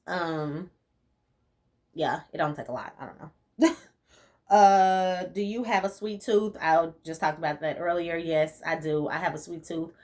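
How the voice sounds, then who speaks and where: Chatty young woman, laughs a lot. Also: on the low side. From rural US. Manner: chatty, animated, laughs often, Southern US slang. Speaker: vlogger answering viewer questions. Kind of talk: casual chat.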